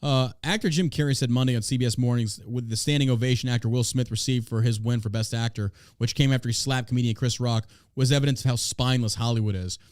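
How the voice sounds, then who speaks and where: A man's voice: medium pitch, fairly even intonation, fast talker, few pauses, a little mellow, clean tone, no echo, clean studio sound. A man hosting a podcast, reading news aloud and ranting about it in a blunt, profane, way. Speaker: podcast host. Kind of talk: casual podcast commentary.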